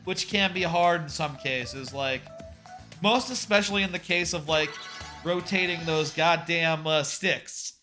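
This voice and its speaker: Young guy streaming a game, kinda high sharp voice, rambly, says like a lot, swears here and there. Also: a little slow. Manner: rambling, filler-heavy, swears casually. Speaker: charity streamer. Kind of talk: casual gameplay commentary. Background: faint game music.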